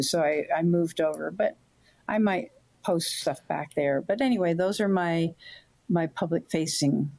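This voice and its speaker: An older woman, a guest author on a podcast interview, talking in a warm, roundabout storytelling way. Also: lowish voice, fairly even intonation, moderate pace.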